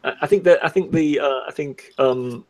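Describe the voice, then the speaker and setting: A man's voice: on the high side, normal speed, low-quality recording. A man with a British accent chatting wryly, with many hesitations. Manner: hesitant, wry. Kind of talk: casual chat.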